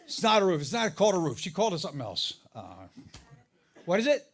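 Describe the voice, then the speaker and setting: A middle-aged man doing a stand-up comedy set, telling stories about his marriage, his voice jumping up high for the punchlines. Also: quick pace. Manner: animated storytelling, voice jumps up for punchlines. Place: live comedy venue with audience laughter.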